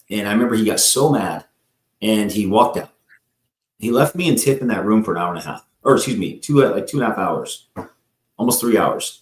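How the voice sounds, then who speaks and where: A man who is a guest on a live talk show, telling a long personal story in a rambling way, acting out the people in it and often addressing the host by name. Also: medium pitch. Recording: roomy echo.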